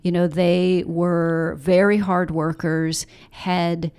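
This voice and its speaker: Author guest, woman, middle-aged, low voice, reflective and unhurried with fillers. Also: flat delivery, a little mellow, smooth. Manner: thoughtful, many fillers and restarts. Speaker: author and journalist, podcast guest. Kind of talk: conversational interview.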